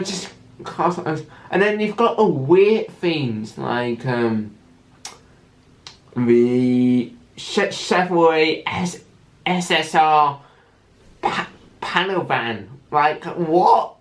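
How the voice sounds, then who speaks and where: Slow, stammering male podcast host. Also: mid-range voice, roomy sound. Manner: stammering, restarts words often. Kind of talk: casual solo podcast talk.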